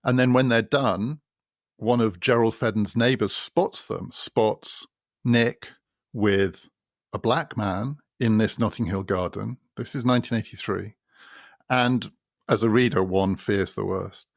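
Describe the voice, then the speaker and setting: A man hosting a podcast who explains a novel in a measured, storytelling way. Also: fairly low pitch, creaky, dry recording, clean studio sound. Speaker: podcast host.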